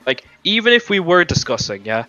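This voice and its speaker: Bright, argumentative young gamer guy. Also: high-pitched, sing-song, fairly quick, dry recording. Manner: argumentative, swearing, rambling. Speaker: gamer in voice chat. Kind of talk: heated voice chat argument. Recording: lo-fi voice chat mic with faint music.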